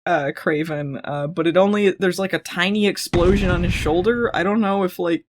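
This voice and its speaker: A woman's voice: fairly low pitch, moderate pace, a little hiss or hum. A woman hosting a podcast, giving a casual, sarcastic recap of a TV episode, often laughing and slipping into mock voices. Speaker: podcast host.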